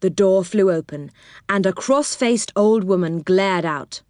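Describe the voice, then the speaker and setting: Woman storyteller, steady bedtime-book narration, dry close sound. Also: medium pitch, a little slow, no echo.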